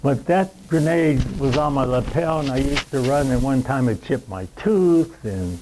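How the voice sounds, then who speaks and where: A man's voice: medium pitch, normal speed, noisy background. A man in his nineties, a veteran telling war memories at a roundtable, rambling along and acting out the scenes, sometimes searching for words. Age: 90s. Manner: rambling storyteller who acts out the scenes. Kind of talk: spoken war reminiscence at a roundtable.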